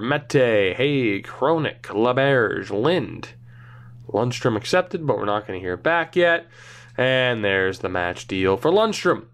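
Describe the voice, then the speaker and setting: A young man talks over his hockey video game in a loose, rambling way, poking fun at himself as he goes. His pitch swings widely, rising and dipping as he reads off names. He sits at a middling pitch for a man. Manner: rambling, self-mocking, thinks aloud while reading names. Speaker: gaming channel host. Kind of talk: casual gameplay commentary.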